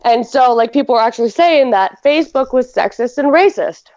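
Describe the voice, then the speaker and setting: A woman's voice: fairly high pitch, animated, fairly quick, darkish tone. A woman hosting a podcast in casual chat, rambling with lots of fillers and giggles. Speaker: podcast host. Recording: slightly dull lo-fi audio.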